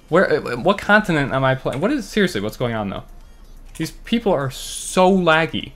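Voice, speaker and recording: Excitable man narrating his gameplay. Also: on the high side, moderate pace, soft background music. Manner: excitable, swings between muttering and loud frustrated outbursts; talks to himself while playing. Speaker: gaming channel host. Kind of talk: live gameplay commentary.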